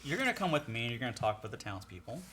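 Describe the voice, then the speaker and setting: A man at mid pitch plays a paladin, speaking calmly and steadily. His lines stay even and measured. A faint hiss of noise runs behind him. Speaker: player. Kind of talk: playing a paladin in a tabletop game.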